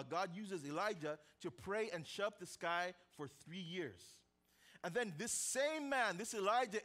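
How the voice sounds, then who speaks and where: A young man preaches a sermon with a high, light voice. He tells the story with energy, dropping to a near-hush and then rising again, and keeps tossing in casual, joking asides to the congregation. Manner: animated storytelling, swings from loud to hushed. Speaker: pastor.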